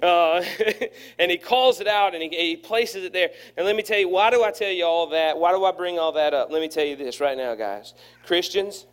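A man's voice: sits high, clear, resonant tone. A man preaching a sermon to his church, folksy and joking, acting out characters in his stories. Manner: folksy and humorous, acts out voices in stories. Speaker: pastor.

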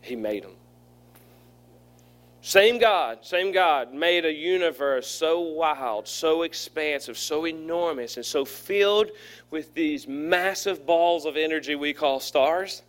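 A fairly high-voiced man preaches to his congregation. His delivery is folksy and playful, and he slips into quick voices for the figures in his stories. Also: animated, fairly bright tone. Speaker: pastor. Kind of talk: sermon.

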